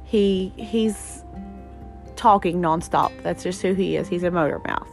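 Chatty mom telling stories. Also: female voice, lowish voice, unhurried, vocal fry, faint music behind. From West Virginia. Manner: chatty, laughing, rambling with many restarts. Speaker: mother telling family stories. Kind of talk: casual storytelling to viewers.

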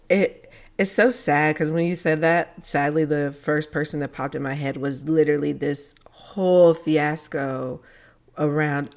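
Expressive young woman, blunt casual talk. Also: low-pitched. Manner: expressive, blunt, swears freely. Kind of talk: casual podcast chat.

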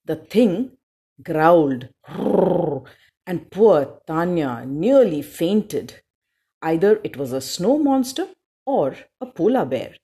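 A woman narrating a children's storybook aloud, expressive, with small slips now and then. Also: on the low side, takes it slowly, breathy edge.

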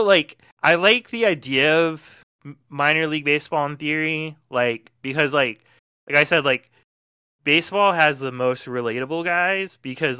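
A man's voice: on the high side, pushed and bright, smooth, dry recording, studio quality. A man in casual podcast chat, chatty and full of fillers. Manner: chatty, filler-heavy, pop-culture comparisons. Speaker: podcast panelist.

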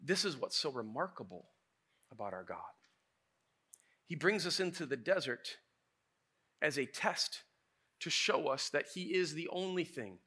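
Bright-voiced casual preacher. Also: male voice, mid-range voice. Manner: animated, casual storytelling preacher. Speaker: pastor. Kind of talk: sermon.

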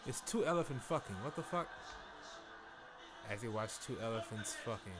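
Incredulous man, lively pitch. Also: moderate pace. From Louisiana. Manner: profane, incredulous, animated. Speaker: podcast co-host. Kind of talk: casual chat.

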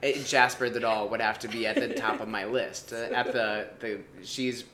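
A man's voice: lowish voice, flat delivery, normal speed, reverberant, a crowd in the background. A man co-hosting a podcast in casual chat, playful and rambling, often laughing. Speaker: podcast co-host. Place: apartment room.

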